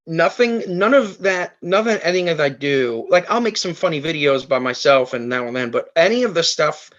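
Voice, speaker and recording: A man's voice: on the high side, lively intonation, moderate pace, a bit bright, muffled recording. A man guest on a podcast, telling an emotional story in a rambling way, full of fillers and restarts. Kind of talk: emotional storytelling in casual chat.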